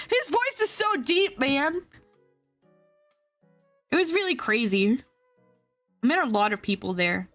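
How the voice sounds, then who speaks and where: A young woman VTuber telling a story in a casual, animated way, laughing often. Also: unhurried, long pauses, faint music behind. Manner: animated, laughs often, acts out quotes in high squeals. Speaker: VTuber streamer.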